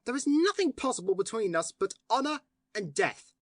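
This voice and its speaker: A woman's voice: fairly high pitch, big pitch swings, moderate pace, dry recording, clean studio sound. A woman reading an audiobook, voicing a cool and grave young male detective.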